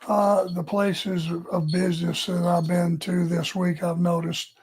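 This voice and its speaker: A man's voice: sits high, level tone, a little slow, darkish tone, husky. An older man with a Southern US accent, co-hosting a casual podcast, laid-back and plainspoken. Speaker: retired wrestler, co-host.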